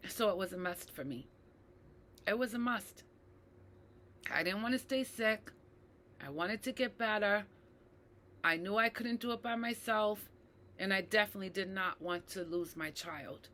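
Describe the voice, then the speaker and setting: A woman talking earnestly to her viewers, reflective and slow to repeat key phrases, often checking in with "right?" and addressing them as "you guys". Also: mid-range voice, pushed and bright, a little hiss or hum. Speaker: mental health advocate. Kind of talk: personal talk to camera.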